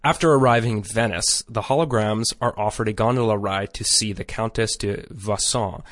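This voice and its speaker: A man's voice: lowish voice, moderate pace, fairly bright tone, dry recording, studio quality. A man co-hosting a podcast, recapping a cartoon episode with wry joking asides. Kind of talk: casual recap narration.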